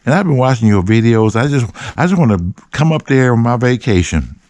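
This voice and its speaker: A man's voice: medium pitch, lively intonation, brisk, a little mellow, dry recording, voice pushed up, lightly acted. A man voicing a chatty, hyper female fan in a raised, eager voice. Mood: bubbly. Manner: bubbly, eager.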